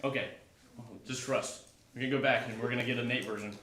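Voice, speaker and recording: A man's voice: medium pitch, fairly even intonation, fast talker, bright, forceful tone, reverberant, far from the mic, slight background noise. A man casually teaching a Bible class, chatty and self-correcting.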